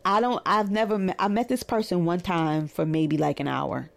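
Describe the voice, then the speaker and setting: A woman's voice: moderate pace, creaky. A woman with a Brooklyn accent, a therapist in private practice, telling a story in a casual monologue and animatedly acting out quoted dialogue. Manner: animated, acts out quoted dialogue with rising pitch.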